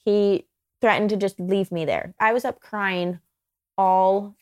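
A woman's voice: mid-range voice, steady tone, takes it slowly, darkish tone, clean tone. A young adult woman, a podcast guest, telling a personal story in casual chat and often saying "like". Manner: chatty, filler-heavy with frequent "like".

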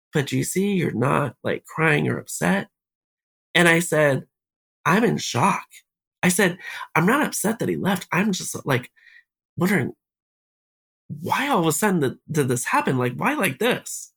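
A man's voice: on the high side, creaky, fairly bright tone, slightly rough. A man, a podcast guest, telling a personal story step by step and quoting each exchange.

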